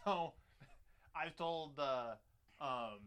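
A man's voice: fairly high pitch, drawn-out words, fairly bright tone, slight background noise. A man in his fifties co-hosting a casual chat, laid-back, laughing often and swearing freely.

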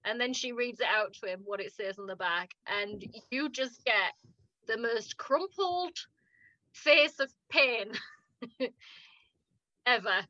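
Bright, animated northern English woman. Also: a little high, slow, pauses often, no room sound, lo-fi sound. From northern England. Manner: animated, laughing often, acting out quotes. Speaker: podcast co-host. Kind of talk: casual chat recapping a TV drama.

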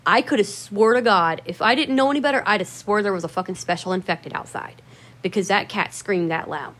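A woman's voice: medium pitch, brisk, a bit bright. A woman telling a personal story in a casual, rambling way, swearing often and stressing her words for emphasis.

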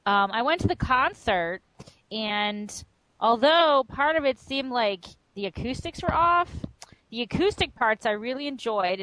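A young woman with a slightly high voice chats on a podcast, teasing and halting as she recalls things. The sound is close and dry, with no room echo. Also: a bit bright. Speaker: podcast co-host. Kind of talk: casual chat.

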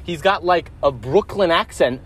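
A man's voice: fairly high pitch, lively intonation, moderate pace, breathy edge. A man co-hosting a podcast, chatting casually and loosely with a friend, laughing often. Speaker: podcast co-host. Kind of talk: casual chat.

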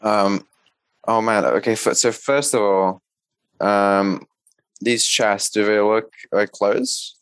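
A man playing in a tabletop game, hesitant and full of ums, counting his moves out loud. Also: fairly low pitch, steady tone, takes it slowly, smooth, no echo. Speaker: player.

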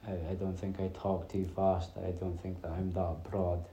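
A man in his thirties from north-east Scotland rambles through a chatty solo podcast, dropping his T sounds. His voice is low, dark and mellow, and it stays fairly level in pitch. The sound carries an echoey room around it. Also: little pitch movement, normal speed. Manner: rambling, chatty storytelling with many fillers. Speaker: podcast host. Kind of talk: casual solo podcast chat.

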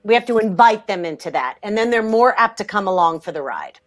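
A woman talking in a podcast interview, emphatic and energetic, often restarting her sentences. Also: medium pitch, fast talker. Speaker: guest.

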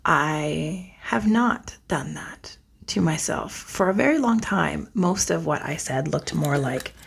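A woman giving a gentle self-care lesson, soft and earnest, often dropping almost to a whisper. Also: deep voice, lively intonation, takes it slowly, vocal fry, slight background noise. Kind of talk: guided self-talk lesson.

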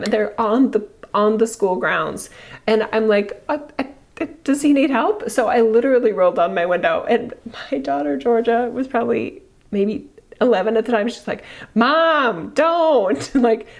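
A woman's voice: medium pitch, moderate pace, creaky, a little mellow. Woman host, forties, candid reflective monologue, acts out quotes, laughs easily. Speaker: video host.

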